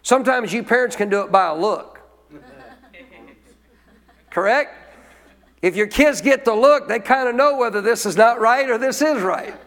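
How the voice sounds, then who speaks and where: Guy preaching, talks to the crowd like a chat, high voice, big hall echo. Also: moderate pace, pauses often, a bit bright. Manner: conversational, asks the congregation questions. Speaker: pastor. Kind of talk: sermon.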